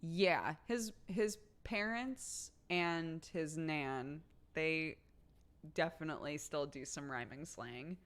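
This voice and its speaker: Low-voiced chatty American woman streamer. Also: slow pace. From United States. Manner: chatty, laughs often, many "like" fillers. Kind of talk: casual chat with viewers.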